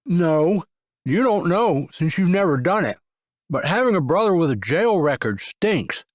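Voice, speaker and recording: Guy narrating doing a jokey younger brother, higher voice, smirky, dry close sound. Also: sing-song, unhurried, fairly bright tone, dry recording, exaggerated voice. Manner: joking, smirking. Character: teasing, dramatic younger brother, adult man. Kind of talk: audiobook character voice.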